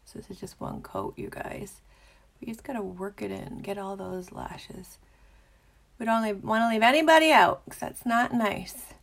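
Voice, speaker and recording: Woman, young adult, makeup tutorial host, bubbly, chatty, slight vocal fry, sometimes whispers. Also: mid-range voice, normal speed. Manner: bubbly, chatty, drops into soft whispers at times. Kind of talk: casual makeup tutorial chat.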